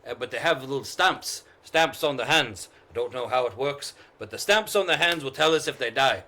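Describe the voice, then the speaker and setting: Give me a man playing a flustered old gambling man, bright and tense, in a tabletop game. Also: medium pitch, expressive, normal speed. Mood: explaining. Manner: flustered, stammering, pleading. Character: desperate old male gambler, defensive.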